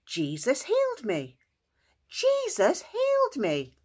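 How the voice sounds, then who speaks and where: A woman voicing a suffering man with leprosy who pleads for help, in a high, excited voice. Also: a little slow, heavily acted. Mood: overjoyed.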